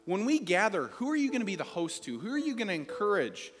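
A man with a fairly high voice preaches a conversational sermon in a church sanctuary. His delivery swings from easy asides up to emphatic, rising calls to the congregation. Long reverb from the hall carries his voice, with faint guitar underneath. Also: big pitch swings, fast talker. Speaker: pastor.

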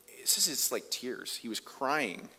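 A man preaching a sermon as pastor, conversational, moving between loud emphasis and quiet asides. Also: mid-range voice, very animated, a little slow, breathy edge. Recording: long reverb of a large hall.

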